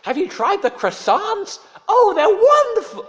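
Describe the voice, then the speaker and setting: A man voicing a loud, overly cheerful male American tourist with an American accent. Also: very high-pitched, huge pitch swings, unhurried, voice pushed up, exaggerated voice. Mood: gushing. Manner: overly cheerful, chatty, piercing. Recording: dull lo-fi sermon recording.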